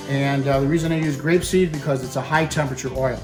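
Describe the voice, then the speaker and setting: A man's voice: medium pitch, steady tone, quick pace, soft background music. A man hosting a cooking show, chatting casually to the viewer as he demonstrates a recipe and drops in Italian food words.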